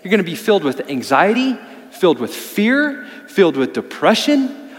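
A pastor preaches to his church in a high voice. He swings between forceful emphasis and low, quiet stresses. The sound rings with a long hall reverb. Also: sing-song, normal speed. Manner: preaching with rising and falling emphasis, dropping low and soft to stress points. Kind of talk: sermon. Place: church sanctuary.

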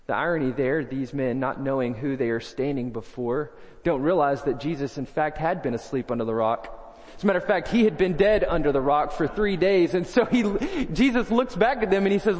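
High-voiced preacher in a reverberant church. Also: male voice, a little fast. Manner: earnest preaching, drops low and soft on key lines, acts out quoted voices. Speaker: pastor. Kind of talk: sermon. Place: church sanctuary. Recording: long hall reverb.

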